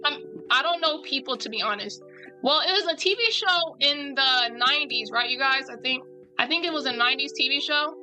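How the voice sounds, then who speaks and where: A woman's voice: high voice, brisk, pushed and bright, soft background music, poor audio. A woman chatting casually and animatedly with her viewers while drawing live, in a rambling style.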